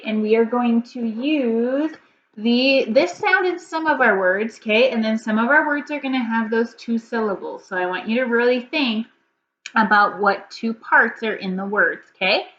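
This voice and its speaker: A woman teaching a recorded first grade reading lesson. She talks patiently, sounds words out slowly and keeps checking in with "okay?". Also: medium pitch, bright, forceful tone. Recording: dull lo-fi audio with faint hum.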